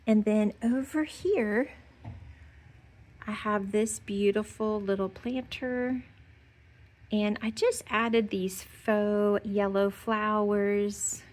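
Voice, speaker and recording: A woman giving a chatty, gushing tour of her decorated porch, full of fillers and sweet little remarks. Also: medium pitch. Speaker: home decor vlogger. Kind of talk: casual porch tour narration. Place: outdoor porch.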